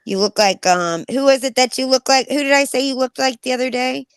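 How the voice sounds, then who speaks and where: A woman's voice: high voice, brisk, clean tone, dry recording. A woman co-hosting a casual live-stream panel, playful and teasing, often laughing.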